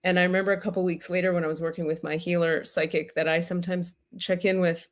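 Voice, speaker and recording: Animated, profane woman telling a story. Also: on the low side, fast talker. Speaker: spiritual teacher hosting a livestream. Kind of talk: comedic spiritual storytelling.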